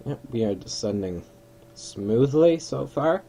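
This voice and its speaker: A man's voice: mid-range voice, lively intonation, measured pace, vocal fry, dark tone, breathy edge, poor audio. A man giving casual commentary while playing a flight simulator, thinking aloud and correcting himself as he goes.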